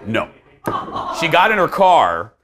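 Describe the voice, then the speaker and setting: A man's voice: fairly high pitch, wildly swooping pitch, slow pace, a crowd in the background. A man hosting a talk show, telling a story in casual chat and acting out the dialogue.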